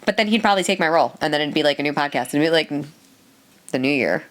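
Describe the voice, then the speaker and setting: A woman's voice: sits low, lively intonation, rapid-fire. A woman co-hosting a podcast in casual chat, telling stories and acting out other people's lines with frequent laughter. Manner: chatty storyteller, acts out quoted dialogue. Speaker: podcast co-host.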